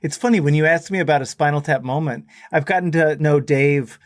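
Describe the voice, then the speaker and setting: A man, a musician guest on a podcast, telling lively anecdotes in casual conversation and swearing now and then. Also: a little high, brisk, no echo, studio quality. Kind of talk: casual storytelling.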